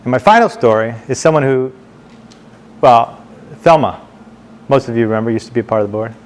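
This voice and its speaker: Man telling stories to a board. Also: mid-range voice. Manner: halting, repeats words, slows down for emphasis. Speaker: board member addressing the board. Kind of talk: storytelling speech to a meeting. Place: meeting room, speaking standing before a group.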